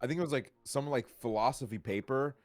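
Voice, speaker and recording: A man's voice: mid-range voice, fairly quick, darkish tone, no echo. A young man chatting as a guest streamer, laid-back and dry, tossing off offhand remarks. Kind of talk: casual chat.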